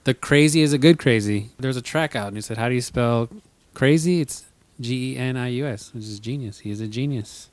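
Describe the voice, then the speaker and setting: A man's voice: mid-range voice, fairly quick, hardly any pauses, dry recording. A man on a casual movie podcast, giving blunt and enthusiastic opinions.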